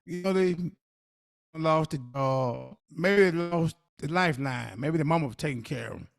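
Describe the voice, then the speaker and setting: A man's voice: a little high, normal speed, creaky, dry recording, studio quality. A middle-aged man co-hosting a podcast, talking emphatically in casual dialect and telling stories from his own life. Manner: emphatic, animated storytelling with dialect speech. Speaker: podcast co-host. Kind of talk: casual conversational advice.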